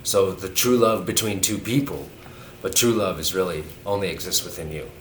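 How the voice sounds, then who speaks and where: A man's voice: low-pitched, moderate pace. A man in his thirties talking in a rambling, earnest spiritual monologue, full of restarts and fillers. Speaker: vlogger. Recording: echoey room with faint noise.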